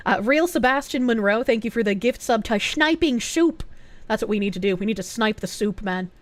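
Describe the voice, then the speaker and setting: A young woman streamer rambles through a casual live chat, swearing freely and thanking donors. Her voice sits fairly high. The sound is dry and close, with no room echo. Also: lively intonation, fairly quick. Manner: rambling, profane, reads out donations.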